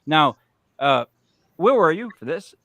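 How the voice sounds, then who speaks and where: A man hosting a casual group chat, loud and joking, often repeating himself. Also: a little high, big pitch swings, measured pace, no room sound. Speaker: show host.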